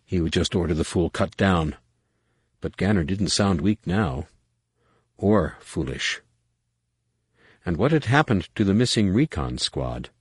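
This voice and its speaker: A man reading an audiobook in a measured, dramatic narration. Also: low voice, animated, husky, no room sound, studio quality. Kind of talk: scripted narration.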